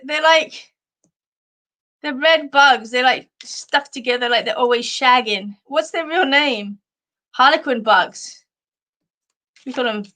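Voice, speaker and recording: Woman, Australian accent, slow easygoing talk, slightly high voice, giggly live chat host. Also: sharp tone. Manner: chatty and giggly, reads out comments.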